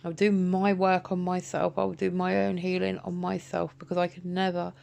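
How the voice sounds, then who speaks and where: A woman's voice: on the low side, level tone, moderate pace, gravelly, a little mellow. A woman speaking a bitter, confrontational, profane monologue straight to camera, addressing an absent person. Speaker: vlogger. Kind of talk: emotional direct-to-camera monologue.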